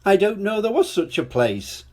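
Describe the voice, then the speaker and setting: A man's voice: high voice, big pitch swings, moderate pace, a little mellow, voice pushed up. A man voicing a friendly, grinning little storybook man who greets people in a beaming way.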